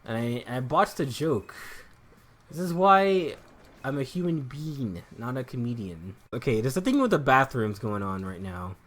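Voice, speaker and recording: A man's voice: medium pitch, very animated, a little slow, a bit bright. A young man chatting casually while streaming a game, rambling and joking, swearing freely and laughing often. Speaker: gaming streamer. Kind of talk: casual chat while gaming.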